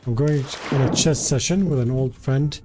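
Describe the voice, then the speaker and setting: A man's voice: medium pitch, moderate pace, music in the background. A man from Jordan, chatting casually and greeting viewers by name as a game streamer. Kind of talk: casual live-stream chat.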